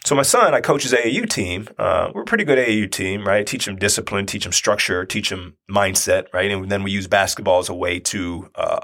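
A man in his forties telling a personal story in a conversational, animated way, often checking in with his listeners. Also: low-pitched. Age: 40s. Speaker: speaker and youth basketball coach.

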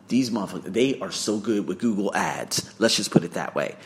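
A man telling a travel story in a casual vlog, profane and excitable, swearing freely as he talks. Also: low voice, a little fast. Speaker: vlogger and English teacher.

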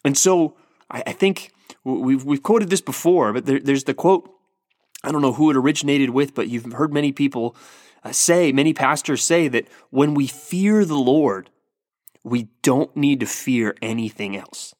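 A man's voice: medium pitch, moderate pace, darkish tone, no echo, studio quality. A man preaching a sermon, earnest and emphatic, often restarting his words as he builds to a point. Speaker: pastor.

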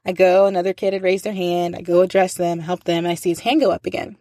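A woman's voice: lowish voice, fairly even intonation, fast, mellow, no echo, clean studio sound. A woman who works as a teacher, telling a story in a casual talk, acting out the voices of the people she quotes and laughing often. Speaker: teacher and faith speaker.

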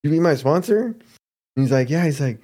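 A man from Arizona spins a casual story as a podcast guest. His voice sits mellow and dark, loose with slang. He slips into quick impressions of the people in the tale. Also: a little high, expressive. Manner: laid-back, slangy, mimics people in his stories.

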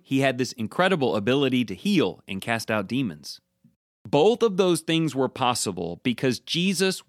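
A man preaching a sermon, emphatic and slowing down to stress key words. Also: mid-range voice, dry recording, studio quality.

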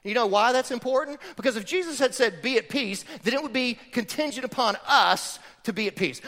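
A male pastor preaching with a bright, ringing voice that swoops across a wide range, pressing his points through rhetorical questions. His sermon carries the long reverb of a large church hall. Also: extremely high pitch, lively intonation, fairly quick, few pauses. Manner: emphatic, rhetorical questions to the congregation.

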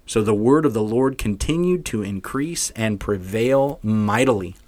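A man's voice: fairly low pitch, animated, measured pace, darkish tone. A man co-hosting a Bible podcast, reading scripture expressively like a story for kids and chatting casually. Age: adult parent. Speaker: podcast co-host.

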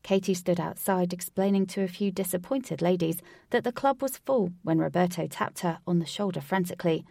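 A woman reading a story aloud in an expressive way, voicing each character. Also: fairly low pitch, fairly quick, vocal fry, few pauses, dry recording, clean studio sound. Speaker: narrator.

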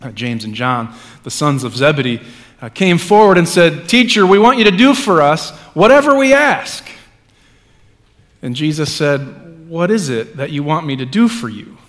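A man's voice: fairly high pitch, animated, moderate pace. Reverberant man preaching in a church. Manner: reads scripture with dramatic swings from hushed to loud; conversational asides with fillers. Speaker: pastor. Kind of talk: sermon with scripture reading.

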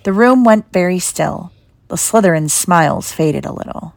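A woman reading a novel aloud in steady storytelling, close to the mic. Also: on the low side, normal speed, creaky, no room sound. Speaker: reader.

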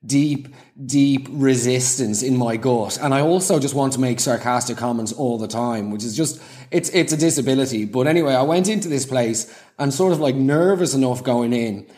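A man's voice: medium pitch, moderate pace, a little mellow. A man delivering a sarcastic comic monologue, full of ranting, exasperated asides. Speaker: comedian.

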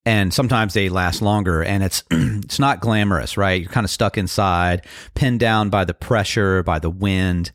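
Low-voiced man with a throaty podcast ramble. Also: moderate pace, hardly any pauses, dry recording, studio quality. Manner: rambling, reflective, loose with fillers. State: slight frog in throat, clearing throat. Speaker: podcast host. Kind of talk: casual solo podcast talk.

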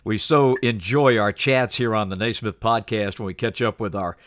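A man's voice: lowish voice, normal speed, a bit bright, no room sound, studio quality. A man hosting a podcast, interviewing a guest with polished broadcaster delivery.

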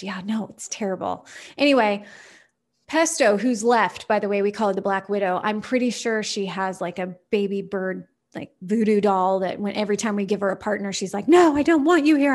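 A woman hosting a podcast, giving a casual motivational talk in a chatty, animated way with playful asides. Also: mid-range voice. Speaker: podcast host.

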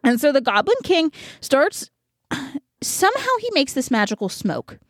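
Giggly high-voiced young woman rambling. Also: sing-song, a little slow, no room sound, studio quality. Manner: rambling, giggly retelling with many "like"s. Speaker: podcast host. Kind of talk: casual chat.

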